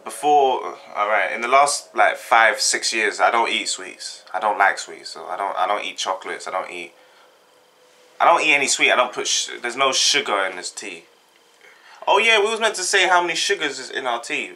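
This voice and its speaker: Pitched on the low side, his voice swings widely in pitch and comes across pushed and bright at a normal speed. The speaker, a young South London vlogger with the local accent, is doing a tag, chatting in a relaxed, jokey, rambling style full of slang.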